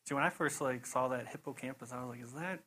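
A young man giving a casual sermon testimony, telling rambling, animated stories full of "you know" and quick laughs. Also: medium pitch, low-quality recording. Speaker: preacher.

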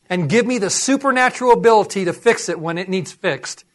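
A man's voice: high voice, a little fast, hardly any pauses. A middle-aged man preaching, telling personal stories and acting out the voices in them. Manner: animated storytelling, acts out voices. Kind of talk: sermon with personal testimony.

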